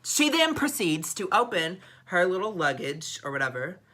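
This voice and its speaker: A young man with a drawl tells a story straight to camera in vlog style. His voice is bright and sharp, and his delivery is dramatic and expressive, peppered with swearing. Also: sits high, normal speed. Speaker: vlogger.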